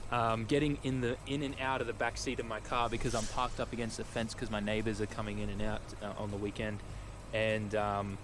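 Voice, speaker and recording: A man streaming to his viewers in a casual, rambling, upbeat way with many fillers, talking outdoors beside his parked car. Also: mid-range voice. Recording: outdoor noise behind the voice.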